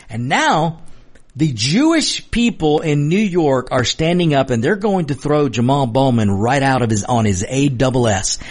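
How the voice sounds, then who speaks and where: A man hosting a political talk show, delivering heated, emphatic commentary and repeating his points, hoarse and losing his voice. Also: fairly high pitch.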